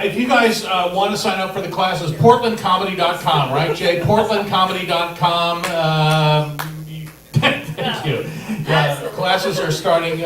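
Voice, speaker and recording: A man emceeing a stand-up night, his voice a touch high and loose, full of little fillers between thoughts. He sounds caught from a distance in an echoey theater, with a loud audience around him. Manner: loose, chatty, hesitant with many fillers. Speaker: comedy show host. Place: comedy theater stage.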